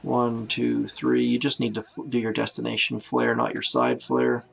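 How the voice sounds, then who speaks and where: Gravelly-voiced man streaming a strategy game. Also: medium pitch, little pitch movement, moderate pace, a bit bright. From Canada. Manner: chatty, self-narrating, greets viewers by name. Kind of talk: live gameplay commentary.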